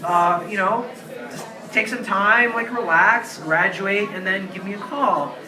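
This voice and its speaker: A man's voice: sits high, measured pace, distant mic, pitched above the performer's own voice. A man quoting a breezy woman boss. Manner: breezy, noncommittal. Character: friendly woman boss making vague promises. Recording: roomy bar recording from afar, crowd chatter.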